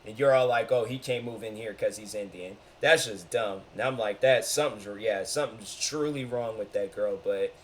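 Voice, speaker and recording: A man hosting a reaction video, talking in an animated, rambling way and acting out quotes. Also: on the low side, moderate pace, few pauses, slight background noise. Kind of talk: casual reaction commentary.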